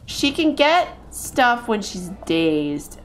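A woman's voice: fairly high pitch, big pitch swings, takes it slowly, faint music behind. A woman in her thirties giving casual let's-play commentary, chatting to her game characters and to her viewers. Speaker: game streamer.

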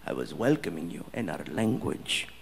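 Comedian doing a calm deep young prince voice, formal and polite, big hall echo. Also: male voice, vocal fry, heavy background noise, heavily acted. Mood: gracious. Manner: calm, measured, gracious.

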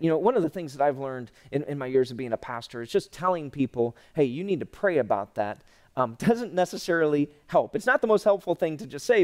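A pastor giving an online sermon, folksy and humorous, swinging from loud emphatic lines to hushed tender ones. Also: male voice, on the high side. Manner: folksy and humorous, full of restarts.

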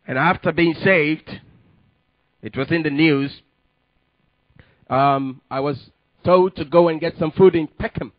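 A man preaching a sermon and telling his testimony, with emphatic delivery that rises to sudden loud peaks. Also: fairly high pitch, no room sound, lo-fi sound. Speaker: pastor.

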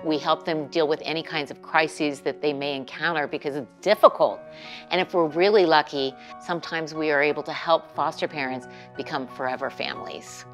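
A woman's voice: sits low, fairly even intonation, fairly quick, soft background music. A woman from a charity's staff earnestly explaining its programs in an interview. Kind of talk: interview testimony.

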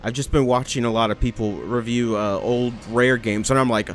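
A young man rambling excitably and swearing as he comments on a video game. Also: medium pitch, moderate pace. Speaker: let's play gamer. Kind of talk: casual gameplay commentary.

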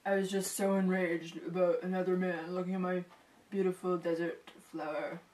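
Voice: medium pitch, flat delivery, normal speed, a little mellow, close to an everyday voice. A student acting a hot-headed young man in an amateur comedy sketch, pleading and repeating names, recorded from a distance. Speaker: student actor in a class skit.

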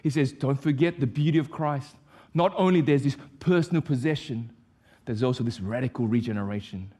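A pastor delivering an impassioned sermon, repeating declarations with rising force. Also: male voice, medium pitch, fairly quick, warm tone, husky. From Vietnam.

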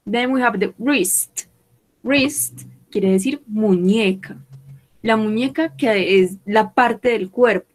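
A woman leads a bilingual vocabulary lesson. She speaks very slowly and deliberately, repeating each English word so learners can copy it. Her voice sits at an ordinary middle pitch. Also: rough recording. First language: Spanish. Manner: slow, repeats words for pronunciation. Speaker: English teacher.

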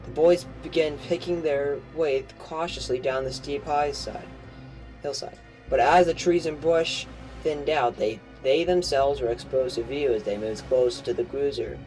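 A man's voice: mid-range voice, measured pace, a little mellow, poor audio. A man reading a novel aloud as an amateur audiobook, stumbling and correcting himself as he goes. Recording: home recording with faint music.

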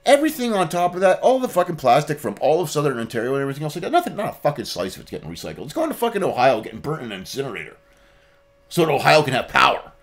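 Profane ranting man, lively pitch. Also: very fast. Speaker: guest. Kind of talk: casual podcast chat.

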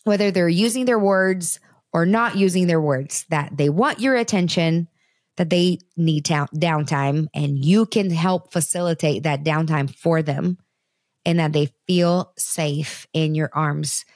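A woman's voice: deep voice, a little slow, darkish tone, dry recording, clean studio sound. A woman in her thirties hosting a parenting talk show, speaking earnestly and conversationally straight to her listeners. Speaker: podcast host.

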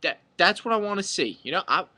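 A man's voice: high-pitched, very animated, a little fast, pushed and bright. A young man vlogging a mock-angry comic rant to camera, exaggerated and sweary.

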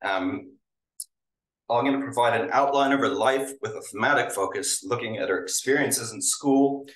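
A man, originally from Hungary, giving an academic talk with halting delivery and many fillers, sometimes emotional. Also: medium pitch, fairly bright tone. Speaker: lecturer. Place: lecture room with audience. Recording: roomy sound, mic at a distance.

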